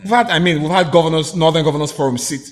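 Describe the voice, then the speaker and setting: Male pundit, somewhat higher voice, argues his points in a halting, opinionated way. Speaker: guest commentator. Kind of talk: political talk show discussion.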